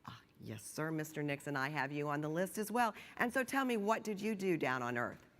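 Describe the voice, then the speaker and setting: A woman voicing a genial male saint who judges souls at heaven's gate, in jovial storytelling with drawn-out emphasis. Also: sits low, expressive, fairly bright tone. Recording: long hall reverb.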